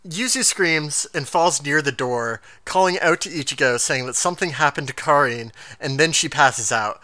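Bright, animated man recapping with laughs. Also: fairly high pitch, no room sound. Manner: animated, laughs often, quotes characters in quick asides. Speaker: podcast co-host. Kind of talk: casual chat recapping an anime episode.

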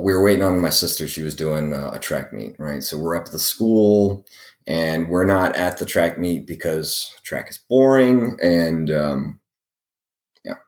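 Very deep-voiced man, halting and rambling. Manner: halting, repeats words while searching for them. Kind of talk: casual rambling storytelling. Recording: roomy echo.

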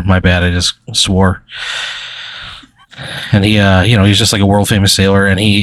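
Male game master, low voice, loose rambling narration, dry close sound. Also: a bit bright, no room sound. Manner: rambling, filler-heavy storytelling.

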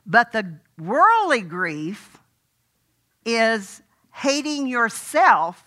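Older woman, sermon, bright tone, folksy storytelling, conversational. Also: a little high, very animated, very slow. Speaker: preacher.

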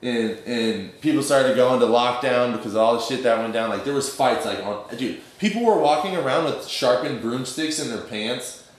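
A man's voice: medium pitch, normal speed. A young man telling a rambling, profane story in slang, full of fillers. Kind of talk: casual storytelling. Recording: very echoey room.

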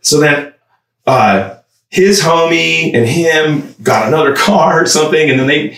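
A young man telling a wild story in casual chat, animated, swearing often, laughing and shouting out the outbursts he quotes. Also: on the high side, measured pace, distant mic. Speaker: musician guest. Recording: echoey room, voice a bit off-mic, background noise.

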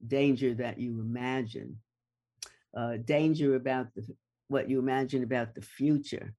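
A guest speaker in a conversation who talks at an unhurried, drawn-out pace. The delivery is measured and deliberate. Key words are repeated for emphasis. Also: mid-range voice, a little mellow. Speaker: guest expert on attachment. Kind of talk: slow, deliberate explaining in conversation.

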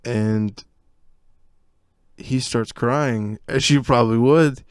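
A man's voice: medium pitch, takes it slowly, clean tone, no echo, clean studio sound. A young man co-hosting a podcast, telling a childhood story in casual chat, laughing often and acting out what people said. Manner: laughing, animated storyteller who acts out quotes. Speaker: podcast co-host.

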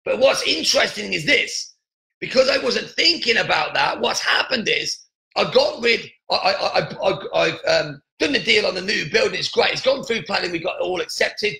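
A man's voice: high-pitched, animated, moderate pace, gravelly, pushed and bright, echoey room, low-quality recording. A man hosting a motivational podcast, talking earnestly with lots of repeats and restarts. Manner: earnest, repetitive, many restarts. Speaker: podcast host.

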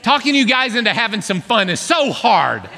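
A man preaches to a congregation, animated and joking as he coaxes them along. His voice sits high and sounds bright and forceful, and it rings out with the long reverb of a large hall. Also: normal speed. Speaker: pastor. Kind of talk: sermon. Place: church hall.

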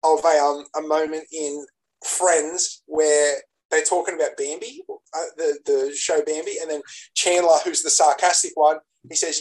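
A man co-hosting a podcast, telling stories in an animated, excitable way during casual chat. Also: fairly high pitch, normal speed, poor audio. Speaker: podcast co-host.

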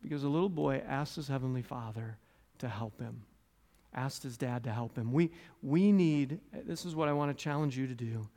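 A man from the United States giving a conversational sermon as pastor, with restarts and asides, loud and animated in stories, soft and low in prayer. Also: moderate pace.

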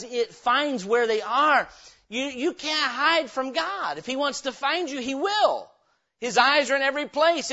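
A man's voice: high voice, bright, forceful tone, lo-fi sound. A man preaching an emphatic youth revival sermon, acting out the voices he quotes.

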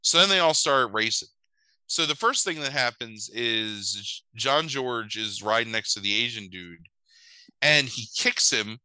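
A man hosting a podcast who recaps a movie in a sarcastic, profane, animated way. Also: medium pitch, no echo, rough recording.

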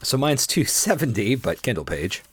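A man's voice: medium pitch, very animated, moderate pace, slight background noise. A man co-hosting a casual book-discussion chat, answering in a wry, teasing way. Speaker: podcast co-host.

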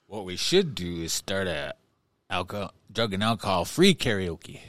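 A man hosting a casual talk show, excitable and laughing often as he chats with his guests. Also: low voice, normal speed, dry recording. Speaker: podcast host. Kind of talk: casual chat.

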